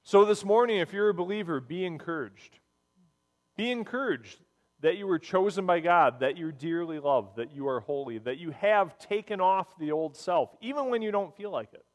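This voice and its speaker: A man preaching a sermon, telling stories in an earnest, animated way. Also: high voice, normal speed, big-room sound. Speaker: pastor.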